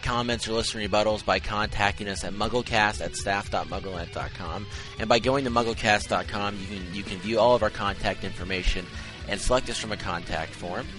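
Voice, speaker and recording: A young man hosts a podcast and reads out announcements in a casual, upbeat way. His voice sits a little low, and faint music runs underneath. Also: low-quality recording. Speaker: podcast host.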